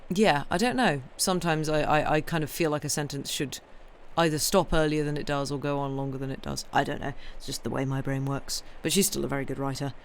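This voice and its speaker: A woman's voice: low-pitched, steady tone, brisk, few pauses, a little hiss or hum. A woman who streams herself reading novels aloud, chatting casually and rambling, full of ums and restarts. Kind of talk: casual chat on a live stream.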